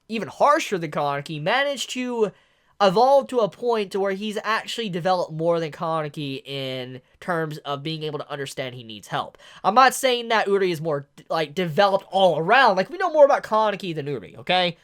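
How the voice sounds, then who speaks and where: A man reviewing a manga chapter in a casual, excitable way, gushing as he reacts with lots of "yo" and "like". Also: high-pitched.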